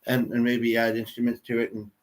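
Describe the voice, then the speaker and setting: A man's voice: medium pitch, monotone, fairly quick. Chatty Canadian man in his thirties. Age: 30s. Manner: rambling, chatty, talks to viewers in chat. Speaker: livestream host. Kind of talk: casual livestream chat.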